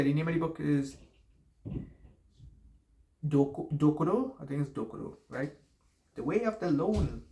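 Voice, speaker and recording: A man's voice: fairly high pitch, darkish tone. Rambling accented man giving advice. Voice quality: noticeable non-native accent. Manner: rambling, self-correcting, swears casually. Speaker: YouTuber giving life advice. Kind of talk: casual advice monologue.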